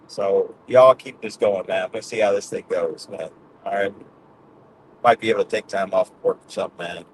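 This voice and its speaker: A man's voice: fairly low pitch, a little hiss or hum, low-quality recording. A middle-aged man hosting his own show, talking to his audience in a loose, rambling way, laughing often and tagging "man" onto his sentences. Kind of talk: casual rambling monologue.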